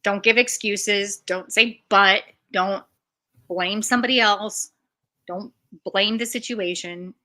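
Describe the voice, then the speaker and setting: A woman's voice: mid-range voice, steady tone, slow, bright, forceful tone. A woman streamer giving frank, emphatic commentary in casual chat.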